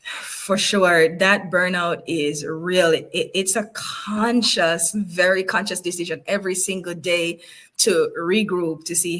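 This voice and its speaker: A woman's voice: fairly low pitch, fairly even intonation, measured pace, low-quality recording. A woman HR professional as an interview guest, telling workplace stories in a casual way and laughing often. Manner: warm storyteller, smiles and laughs through her points.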